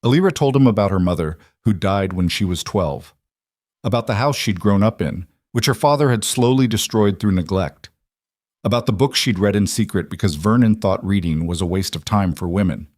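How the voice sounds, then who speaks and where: A man reading a western story aloud in a measured, scripted narration. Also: on the low side, darkish tone, no echo, studio quality.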